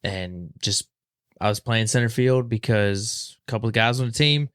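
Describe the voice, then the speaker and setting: Give me a young man with a low voice, animated, telling a story on a dry podcast mic. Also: moderate pace, clear, resonant tone, no echo. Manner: animated, acts out quoted voices. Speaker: podcast guest. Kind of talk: casual storytelling.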